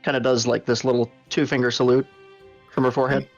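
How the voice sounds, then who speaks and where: A man's voice: medium pitch, little pitch movement, quick pace, gravelly, lo-fi sound, soft background music. A man playing a tabletop game who describes his character's actions hesitantly, repeating words. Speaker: player.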